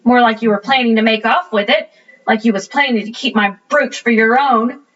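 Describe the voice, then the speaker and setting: A woman voicing a rough, suspicious man who drinks hard and talks in a gruff, accusing way, in a storybook reading. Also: on the high side, normal speed, a bit bright, distant mic, lo-fi sound.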